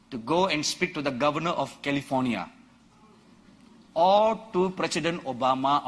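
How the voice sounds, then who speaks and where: A man preaching a sermon, acting out biblical quotes and building to loud, shouted emphasis, with a husky voice. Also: fairly high pitch. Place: church or conference hall.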